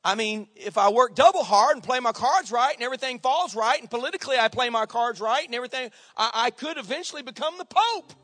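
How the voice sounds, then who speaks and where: A pastor voicing an ambitious Catholic priest in a joke, who stammers and hesitates, then grows blustering and indignant. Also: male voice, very high-pitched, animated, fast talker, few pauses, a bit bright, no room sound, pitched above the performer's own voice, full character voice. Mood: exasperated.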